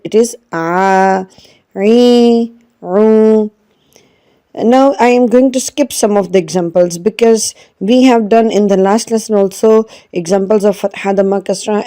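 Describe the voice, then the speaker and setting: A woman's voice: medium pitch, mellow. A woman teaching an online Quran reading lesson, patiently drilling each syllable and repeating it. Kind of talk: slow spelled-out online lesson.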